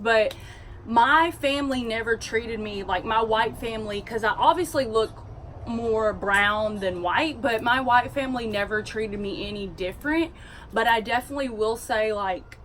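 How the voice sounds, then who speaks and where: A woman's voice: a little high, a bit bright, a little hiss or hum. Chatty young Texan woman with a drawl. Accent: Southern US, Texas. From Texas. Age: 20s. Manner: chatty and candid, many fillers and restarts. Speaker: vlogger. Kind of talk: casual storytime vlog.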